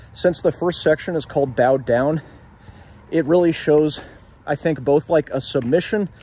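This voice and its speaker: Strolling along an outdoor street, a young literature video host discusses a novel in a casual vlog. His voice is fairly high, darkish, and slightly rough.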